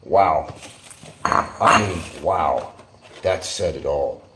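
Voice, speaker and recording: An older man on a livestream, delivering a combative rant that swings between shouting and muttering. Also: rumbling low, animated, very slow, heavy background noise. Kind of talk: ranting livestream monologue. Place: island town, outdoors or at home.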